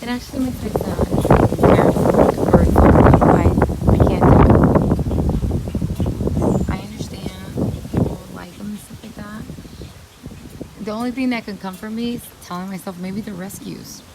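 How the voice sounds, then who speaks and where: A woman's voice: medium pitch, unhurried, long pauses. A woman chatting casually as she films a walk through an outdoor plant nursery, thinking aloud and correcting herself, on a handheld phone. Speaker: vlogger. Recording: loud outdoor noise with birds and traffic.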